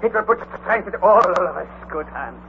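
An actor playing an older, learned professor uncle who leads the expedition with commanding, declamatory speech, in an old radio drama with a tinny sound. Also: male voice, high voice, animated, a little fast, vocal fry. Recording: tinny lo-fi old radio recording with faint hiss.

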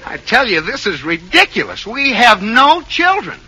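An actor playing a flustered, exasperated husband in a 1940s radio comedy. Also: male voice, very high voice, sing-song, normal speed, sharp tone, slight background noise, exaggerated voice, poor audio.

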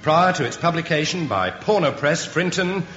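A man making a crisp, mock-formal comedy announcement on a radio show. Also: fairly high pitch, animated, moderate pace, fairly bright tone, faint music behind. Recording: echoey muffled old radio recording.

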